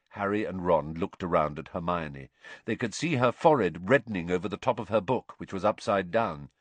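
Low-voiced, expressive male audiobook narrator. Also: no room sound. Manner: expressive, measured, varied intonation.

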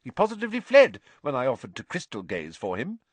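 A man's voice: mid-range voice, huge pitch swings, fast talker, breathy edge, no room sound, voice pushed up. A man voicing a misty, haughty older woman seer who speaks in airy, melodramatic tones.

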